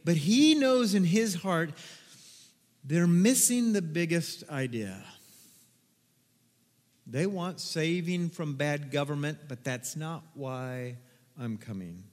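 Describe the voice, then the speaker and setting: A high-voiced male pastor preaching in a church sanctuary, his words ringing with a long hall reverb. He delivers the sermon with lively energy and dramatizes the crowd's voices. The sound has the spacious tail of a big room. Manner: animated, acts out crowd voices with whoops.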